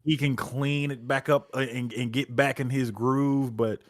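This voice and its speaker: A man's voice: medium pitch, steady tone, a little slow, dry recording, studio quality. A man co-hosting a casual comic book talk show, laid-back as he reads out viewer questions. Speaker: podcast co-host.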